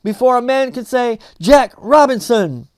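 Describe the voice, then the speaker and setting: A man's voice: very high voice, animated, unhurried, smooth, no echo, studio quality, pitched above the performer's own voice. A man voicing a jovial, stout old male employer who calls out heartily.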